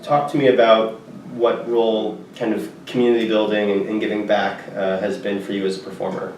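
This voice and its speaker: A man's voice: lowish voice, little pitch movement, brisk, darkish tone, recorded from a distance, slight background noise. A man hosting an interview, asking questions in an encouraging way. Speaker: host. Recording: roomy, from the mic.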